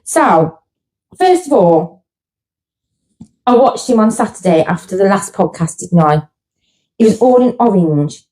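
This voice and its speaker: A woman's voice: medium pitch, animated, unhurried, long pauses, warm tone, rough recording. A middle-aged woman, co-hosting a podcast and gushing through a story in casual chat. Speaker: podcast co-host.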